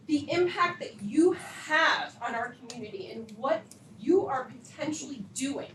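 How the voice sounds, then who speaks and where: A high-voiced middle-aged woman speaks out at a school board podium, emotional and confrontational. She is picked up from a distance in a reverberant meeting room, with a steady layer of hiss and room noise underneath. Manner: emotional, confrontational, rising intensity. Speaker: parent at public comment. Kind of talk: public comment at a board meeting.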